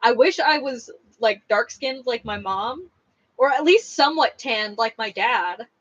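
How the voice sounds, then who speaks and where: A woman's voice: on the high side, expressive, unhurried, a bit bright, muffled recording. A young woman hosting a craft livestream, chatting casually and rambling with lots of fillers as she reads comments. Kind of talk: casual chat reading live comments.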